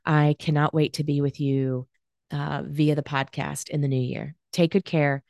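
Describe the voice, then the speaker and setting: A woman in her forties hosting a solo podcast, talking in an earnest, reflective way with halting pauses and fillers. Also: low voice, level tone, creaky, a little mellow, dry recording, clean studio sound. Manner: halting, many fillers and restarts. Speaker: podcast host.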